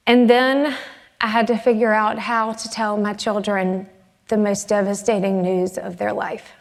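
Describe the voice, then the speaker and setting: Earnest middle-aged woman, gravelly edge. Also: medium pitch, long reverb tail. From American South. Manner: earnest, measured, emotional retelling. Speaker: conference speaker. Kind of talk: personal storytelling talk. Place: conference stage in a large hall.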